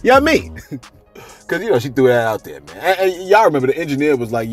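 Faint music plays behind a man who hosts a celebrity gossip channel. His voice is on the high side and he talks fast, telling stories casually with lots of laughter and acting out quotes in an animated way.

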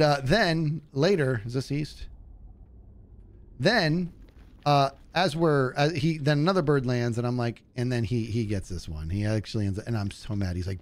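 A man streaming a game, telling a story in a casual way and acting out the people in it with a higher voice, laughing often. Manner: animated, acts out quotes in a higher voice, laughs often. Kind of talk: casual storytelling while gaming.

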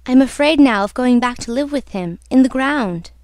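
A woman's voice: high voice, animated, moderate pace, a little mellow, no room sound. A woman reading the part of a frightened, haunted young woman singer, in a pleading, trembling way.

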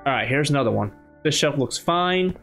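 A man's voice: mid-range voice, expressive, a little fast, a bit bright, faint music behind. A man from the United States giving chatty, casual commentary while playing a game, thinking aloud with many restarts. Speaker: gaming channel host. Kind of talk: casual let's-play commentary.

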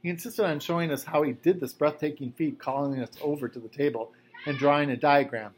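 A man's voice: fairly high pitch, fairly even intonation, a little fast, a little hiss or hum. A man, a teacher, reading a novel aloud to his class in a casual, conversational voice. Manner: casual, conversational first-person narration.

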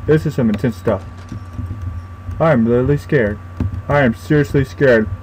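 A man's voice: medium pitch, normal speed, a little mellow, a little hiss or hum, low-quality recording. A young man commentating a horror game as he plays, frightened, swearing and talking to himself. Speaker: gaming YouTuber.

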